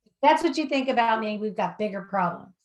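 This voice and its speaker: A woman hosting a podcast, in casual, lively talk that often trails off and restarts. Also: medium pitch, fairly quick. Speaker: podcast host. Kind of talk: casual conversational chat.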